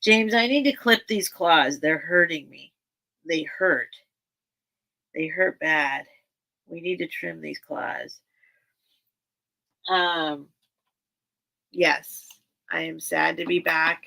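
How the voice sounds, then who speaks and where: Woman livestream seller, raspy fry under a bright voice, rambling and sincere. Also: deep voice, takes it slowly, pauses often. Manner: rambling and earnest, many restarts. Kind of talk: casual livestream chat with viewers.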